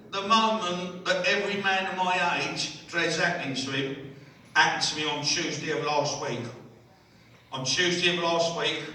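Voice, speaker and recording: A man, doing a stand-up routine in a holiday village hall, chatting with the crowd and delivering punchlines deadpan. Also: fairly high pitch, slight background noise. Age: 60s. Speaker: stand-up comedian. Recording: echoey hall from far off.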